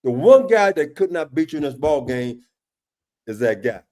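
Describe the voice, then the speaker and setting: Man in a casual football film breakdown, higher-pitched with a warm mellow tone, emphatic and exasperated, restarts often. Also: sing-song, moderate pace. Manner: emphatic, exasperated questioning, often addresses co-host by name; frequent restarts and repeated words. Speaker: football defensive analyst.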